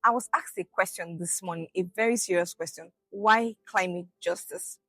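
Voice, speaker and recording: A woman's voice: on the low side, moderate pace, sharp tone, dry recording. A Nigerian woman project officer giving an interview answer with passion and rhetorical questions. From Niger Delta, Nigeria.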